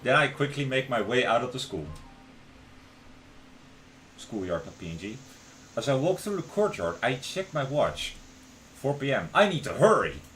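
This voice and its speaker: A young male streamer reads a visual novel aloud on a live stream, and his voice rises and falls widely in mid-range pitch. He moves easily between steady narration and loose, joking asides. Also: unhurried, long pauses, slight background noise, low-quality recording. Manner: expressive, swings between narration and playful asides.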